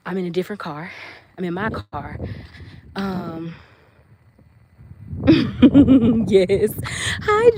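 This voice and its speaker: A woman's voice: on the low side, darkish tone, slight background noise. A woman hosting a casual live stream while folding laundry. She tells stories expressively, greets viewers by name and reflects on her faith. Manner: faith-centered, testimony-like reflection. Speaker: live-stream host and mother.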